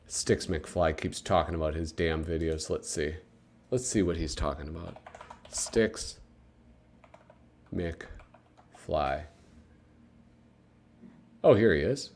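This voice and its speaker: Hosting a casual livestream, a man with a bass voice talks at normal speed in a slightly mellow tone, with slight background noise. He rambles through his live commentary, chatting with viewers and leaning on lots of fillers.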